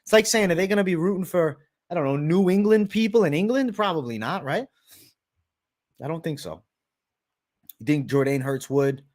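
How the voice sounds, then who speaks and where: A brash man hosts a live stream, answering viewer questions in loose, casual chat. His voice sits a bit high for a man, and he swears freely and keeps calling people "bro.". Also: expressive, moderate pace, pauses often, a little mellow. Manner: profane, brash, peppered with "bro". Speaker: host of a live betting show.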